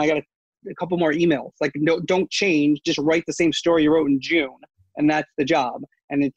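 A man's voice: on the high side, creaky, no echo, highs cut off. A man who works as a sports media reporter, talking casually in an interview, rambling with many fillers and restarts.

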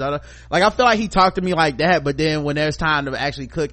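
A middle-aged man co-hosting a podcast, chatting casually and reading listener feedback, acting out stories with loud profane quotes. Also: a little high, brisk, few pauses. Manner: animated storyteller, profane, acts out quotes loudly. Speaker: podcast co-host.

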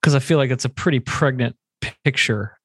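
A man's voice: mid-range voice, brisk, a bit bright, slightly rough, no echo, studio quality. A man hosting a conversation, responding reflectively and thinking aloud about parenting. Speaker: host. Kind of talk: interview conversation.

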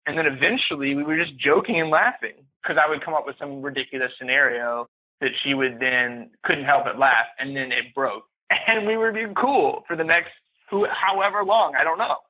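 A man telling his own story as a podcast guest, speaking haltingly and often repeating or restarting phrases. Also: fairly high pitch. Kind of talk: personal story in interview. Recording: tinny phone-like line.

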